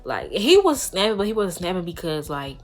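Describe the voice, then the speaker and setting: Young woman, casual storytime vlog, slangy, chatty, lowish voice. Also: fairly quick, faint music behind. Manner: animated, slangy, addresses viewers directly. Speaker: vlogger.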